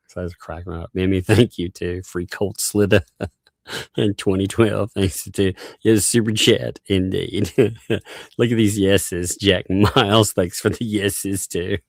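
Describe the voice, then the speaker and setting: A man's voice: low voice, creaky, no room sound, studio quality. A man hosting a casual livestream, reading viewers' messages and thanking them by name with frequent laughter. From United States. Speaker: livestream host. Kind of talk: casual livestream chat reading out super chats.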